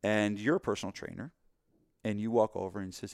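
Podcast co-host, male, lower pitch, lively storyteller who acts out voices, dry studio sound. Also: brisk, vocal fry, dry recording. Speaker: podcast co-host, gym marketing coach. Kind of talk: casual podcast chat.

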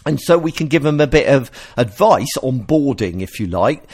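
A man hosting a podcast, explaining ideas in a casual, animated way and often restarting his sentences. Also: medium pitch, normal speed, husky. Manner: animated, explanatory, self-interrupting. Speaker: podcast host.

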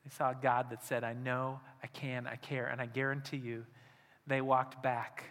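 A man preaching a sermon as pastor, dropping to hushed near-whispers and then rising to loud, urgent appeals. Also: mid-range voice, flat delivery, normal speed. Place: church hall. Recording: long hall reverb.

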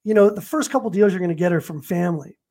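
A man's voice: sits high, fast talker, warm tone. A man in his fifties, a real estate agent and coach, telling stories in an interview and acting out phone calls and quotes. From Los Angeles. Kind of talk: interview guest, storytelling.

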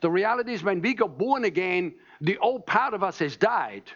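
A man's voice: high-pitched, very animated, normal speed, a bit bright, dull audio. A man preaching a sermon in an emphatic teaching manner, often checking in with the congregation. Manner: emphatic, teaching, asks "All right?" often.

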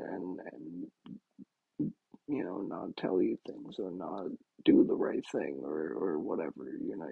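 A man's voice: fairly low pitch, vocal fry, breathy edge, no echo, phone-quality sound. A man hosting a talk show, rambling casually with many fillers and restarts. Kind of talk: casual monologue.

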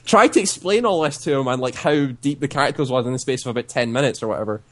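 A man's voice: medium pitch, fast, a bit bright. Young man telling a rambling story. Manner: rambling storyteller, swearing, acts out quotes. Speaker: podcast co-host. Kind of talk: casual chat.

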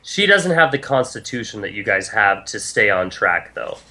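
A man's voice: on the low side, very animated, pushed and bright. Man narrating as game master. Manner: descriptive, quick narration with many likes.

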